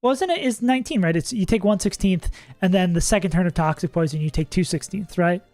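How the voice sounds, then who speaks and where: A fast-talking streamer with a mid-range, slightly mellow voice casually narrates a game live, thinking out loud, laughing a lot and swearing now and then. The recording has no room sound, with faint music in the background.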